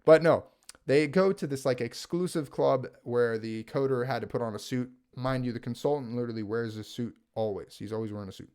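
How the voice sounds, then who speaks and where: Animated man recapping a show at home. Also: mid-range voice, brisk, smooth. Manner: animated, rambling, filler-heavy with frequent "like" and "right?". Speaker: gaming video creator reviewing a TV series. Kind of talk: casual spoken recap and review.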